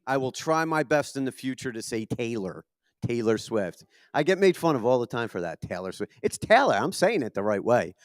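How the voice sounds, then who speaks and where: A man's voice: mid-range voice, lively intonation, normal speed, no echo, clean studio sound. A man in his thirties with a Philadelphia accent doing a profane, self-deprecating stand-up comedy set. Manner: profane, self-deprecating, punchy delivery with lots of swearing. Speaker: stand-up comic. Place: comedy venue with a live audience.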